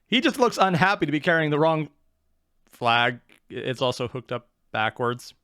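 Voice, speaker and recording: A fairly high-pitched man speaks at a normal speed in a clean, dry studio recording. He hosts a reaction video in a casual, sarcastic, animated style, drifting into rambling asides, making fun of himself and swearing freely.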